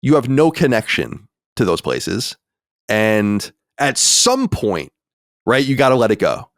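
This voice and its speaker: A man's voice: medium pitch, huge pitch swings, measured pace, no echo, studio quality. An American man hosting a podcast in casual, rambling chat, emphatic and swearing freely. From United States. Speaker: podcast host.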